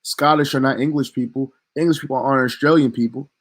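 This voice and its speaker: A man's voice: medium pitch, steady tone, fast. A man delivering a heated commentary rant as a vlogger, talking in a profane, emphatic and indignant way.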